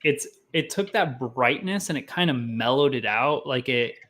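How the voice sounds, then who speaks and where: A man's voice: medium pitch, expressive, moderate pace, fairly bright tone. Man, young adult, tasting show host, casual chat, rambling, self-deprecating, filler words.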